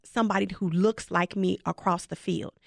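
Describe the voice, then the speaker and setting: A woman who is a high school football head coach, talking passionately and emphatically in an interview. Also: fairly even intonation, moderate pace, vocal fry, no room sound, clean studio sound. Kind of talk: casual interview talk.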